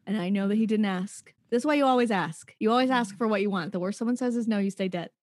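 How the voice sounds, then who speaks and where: A woman's voice: mid-range voice, fast, darkish tone, no room sound. A woman co-hosting a podcast, chatting casually about a film with wry, playful jokes. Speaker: podcast co-host. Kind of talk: casual film-review chat.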